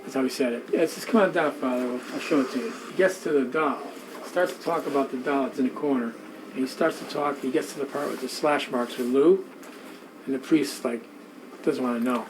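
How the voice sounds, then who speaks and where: In an indoor museum room, a man tells a tale during a tour, speaking animatedly and conversationally in a mid-range voice at a fairly quick pace. He repeats himself as the story builds and acts out the voices of its characters. A faint hiss runs beneath the recording.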